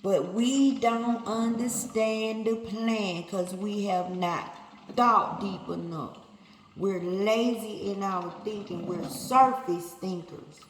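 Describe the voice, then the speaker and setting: Slow-preaching woman in an echoey hall. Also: medium pitch, slight background noise. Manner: emphatic, repetitive, talks to listeners directly. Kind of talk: sermon. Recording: echoey hall, faint ambience.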